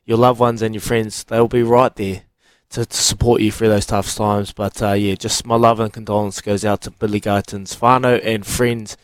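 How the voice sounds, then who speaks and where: A man hosting a podcast, speaking in a steady, sincere way and reading out information plainly. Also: on the low side, normal speed, clean tone, no echo. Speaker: podcast host. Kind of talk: casual podcast conversation.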